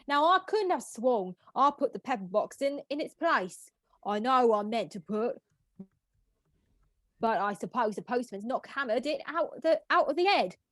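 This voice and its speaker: A woman's voice: fairly high pitch, animated, moderate pace, a bit bright, no echo, clean studio sound. A woman reading the part of a bossy mistress of the house, scolding her maid in an old comic play. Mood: imperious. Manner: imperious, scolding. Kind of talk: script read-through.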